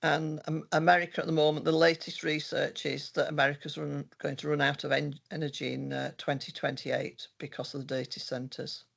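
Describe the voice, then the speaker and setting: Gravelly older man presenting research. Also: fairly high pitch, flat delivery, brisk, hardly any pauses, fairly bright tone. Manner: meandering, many restarts. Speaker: researcher presenting their work. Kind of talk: conversational presentation.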